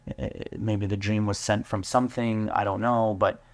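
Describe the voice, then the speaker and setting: A man, a business owner, telling his story in an interview, earnest and halting with many fillers and restarts. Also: lowish voice, level tone. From United States. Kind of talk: candid interview talk.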